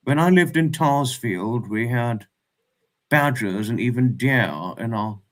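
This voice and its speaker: A man's voice: medium pitch, animated, slow. A man hosting a casual livestream, reading chat messages aloud and reacting with frequent laughs.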